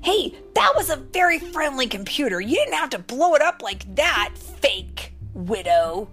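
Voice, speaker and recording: A woman's voice: high voice, big pitch swings, unhurried, fairly bright tone, soft background music, pitched above the performer's own voice, full character voice. A woman voicing a young male superhero who cracks upbeat, teasing quips in a storybook reading.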